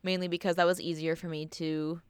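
A young American woman co-hosting a casual podcast, talking in a rambling, giggly way full of fillers. Her voice comes across smooth and clear. The sound is dry and close. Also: lowish voice, level tone, brisk, no echo. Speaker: podcast co-host.

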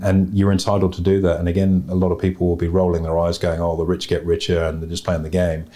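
Male podcast host, low mellow voice, blunt and plain-spoken. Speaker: podcast host giving property investment advice. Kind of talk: casual advice talk.

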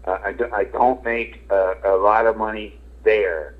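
A man's voice: fairly low pitch, steady tone, unhurried. A middle-aged man, a radio host and comedian, talking casually and frankly in an interview, rambling with lots of fillers and casual swearing. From Philadelphia. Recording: tinny phone-like radio sound.

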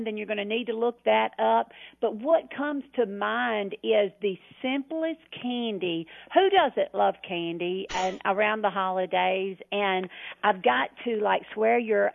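A chatty woman with a Southern accent talks in a folksy, self-deprecating way as a radio guest, her voice riding high. She comes through a tinny phone line with a gravelly edge. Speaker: cookbook author guest.

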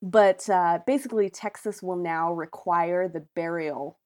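A woman's voice: fairly low pitch, unhurried, darkish tone. A woman co-hosting a podcast in casual chat, chatty and sarcastic, laughing often. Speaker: podcast co-host.

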